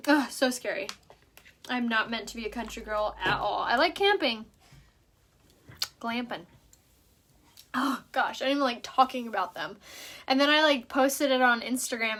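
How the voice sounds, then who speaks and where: A woman's voice: fairly high pitch, pushed and bright. A young woman from San Diego hosting a casual makeup livestream at home, rambling in chatty talk full of "like" fillers. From San Diego, California.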